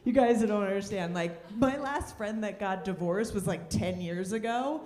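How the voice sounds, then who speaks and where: A woman performing a stand-up comedy set on a club stage, dropping wry, deadpan punchlines between lively asides. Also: medium pitch, moderate pace, roomy sound.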